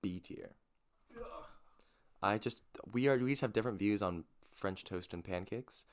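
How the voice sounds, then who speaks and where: A man's voice: fairly low pitch, unhurried. Enthusiastic, rambling man on a podcast. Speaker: podcast co-host. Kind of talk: casual chat.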